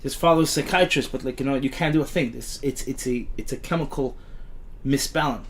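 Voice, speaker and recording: A man's voice: medium pitch, fairly quick, a little hiss or hum. A middle-aged father chatting as a podcast guest, telling stories in a rambling way with many restarts. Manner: rambling storyteller, frequent restarts. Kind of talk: casual chat.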